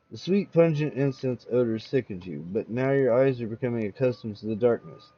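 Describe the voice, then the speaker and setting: A man reads a horror comic aloud, narrating in the second person with measured suspense. His voice sits at an ordinary middle pitch, and the audio is dull and lo-fi.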